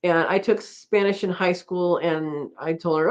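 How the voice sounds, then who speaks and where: A woman's voice: fairly low pitch, moderate pace. A middle-aged woman hosting a casual live-stream chat, rambling and laughing often as she reads out comments. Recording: dull lo-fi stream audio.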